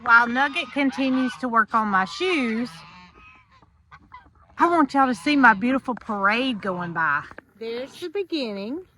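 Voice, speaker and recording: Farm lady chatting to her phone camera, highish voice, kinda sharp and bright, bit of hiss behind. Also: lively intonation, a little slow, low-quality recording. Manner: chatty, talks straight to viewers. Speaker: farm vlogger. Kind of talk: casual vlog narration to camera. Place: farm and truck, in and out of doors.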